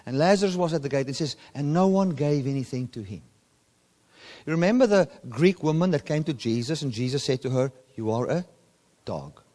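Guy preaching a sermon, voice shoots up loud then drops way down, long hall echo. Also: on the high side, brisk. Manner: animated preaching, voice rising and dropping sharply for emphasis.

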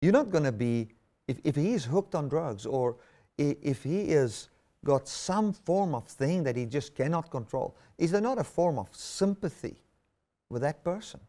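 A man's voice: a little high, expressive, a little slow, dark tone. A middle-aged man preaching a sermon, reading scripture aloud and then expounding on it earnestly, with lots of repetition.

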